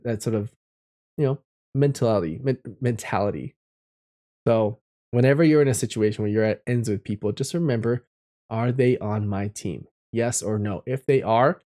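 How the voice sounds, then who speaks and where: A man's voice: lowish voice, a little mellow. A man live-streaming casually, reading chat messages aloud and drawing tarot cards, reflective and encouraging, laughing often.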